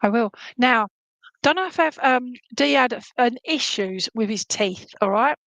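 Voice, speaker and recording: A woman giving live psychic readings to viewers, chatty and animated, humming tunes and relaying messages as she goes. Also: fairly high pitch, moderate pace, creaky, dry recording.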